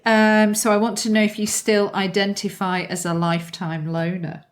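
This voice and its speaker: A woman hosting a podcast interview, relaxed and conversational, asking follow-up questions. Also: medium pitch, normal speed. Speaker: podcast host.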